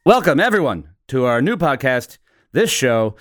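A middle-aged man from the United States co-hosts a podcast with a playful, joking manner. His pitch swings widely and lively as he talks. The recording is dry and close. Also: moderate pace, no echo. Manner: playful, joking, laughs often. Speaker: podcast co-host. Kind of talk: casual chat.

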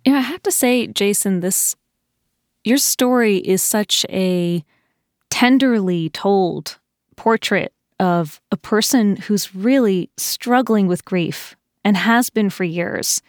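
A woman hosting an interview podcast, asking measured questions. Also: medium pitch, no echo, studio quality. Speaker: podcast host.

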